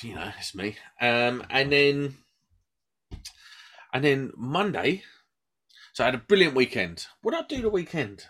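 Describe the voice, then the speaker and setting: A man, co-host of a podcast, an animated and talky storyteller in casual chat. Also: mid-range voice.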